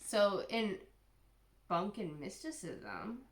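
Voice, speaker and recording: A woman's voice: medium pitch, sing-song, slow, reverberant, slight background noise. A woman co-hosting a casual podcast, reading lines from old books and swearing freely as she jokes. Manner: swears freely, bursts into laughter. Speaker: podcast co-host.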